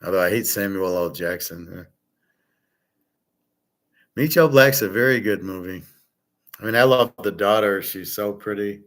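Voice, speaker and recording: Moderately paced and full of long pauses, a man with a somewhat low voice rambles casually while answering his livestream chat. Blunt and opinionated, he wanders between subjects, and the relaxed, unpolished talk never sounds scripted.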